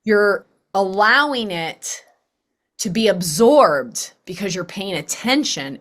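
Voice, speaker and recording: Woman host, middle-aged, a little low-pitched, animated chat that dips into playful quoted voices. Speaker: podcast host. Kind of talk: casual conversational interview.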